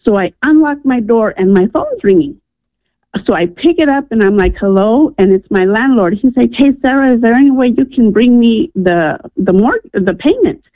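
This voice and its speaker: A woman's voice: a little high, animated, normal speed, no room sound. A woman from New Mexico tells a personal story as a caller on a call-in radio show. She speaks earnestly and with animation, and she acts out the people in her tale. Her voice comes through a narrow, tinny phone line and sounds dry. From New Mexico, USA.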